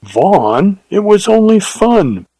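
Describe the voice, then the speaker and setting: A man voicing a proud, spirited young woman who speaks in a lively, imperious, teasing way. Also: high voice, takes it slowly, husky, dry recording, voice pushed up, exaggerated voice.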